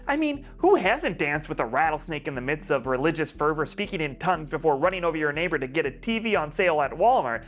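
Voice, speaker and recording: A man's voice: fairly high pitch, lively intonation, fast talker, few pauses, faint music behind. An American man giving scripted video commentary, full of wry, sarcastic asides. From United States. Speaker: video essayist.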